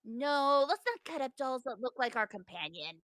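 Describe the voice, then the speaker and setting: Giggly high-voiced woman player. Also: normal speed, no room sound. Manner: giggly, animated, swearing. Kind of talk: casual tabletop game play.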